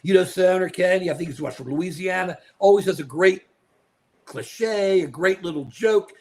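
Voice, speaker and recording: A man's voice: high voice, normal speed, darkish tone. An older man co-hosting a live political talk show, delivering outraged, emphatic commentary, repeating phrases and turning to his co-host by name.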